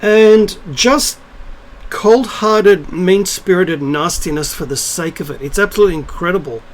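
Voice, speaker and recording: At a measured pace and in a high-pitched voice, a middle-aged spiritual vlogger delivers a casual ranting monologue to camera, blunt, scornful and profane. The recording is low quality.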